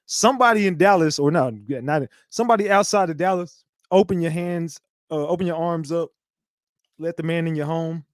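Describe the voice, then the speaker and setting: Man, show host, loose profane commentary, rambling, higher voice, dry sound. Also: moderate pace, dry recording. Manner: rambling, profane, repeats himself. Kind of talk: live commentary.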